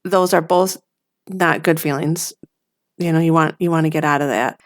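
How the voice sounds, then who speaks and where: A middle-aged woman co-hosting a podcast in casual chat, hesitant, thinking aloud with many soft agreements. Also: sits low, fairly even intonation, normal speed. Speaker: podcast co-host.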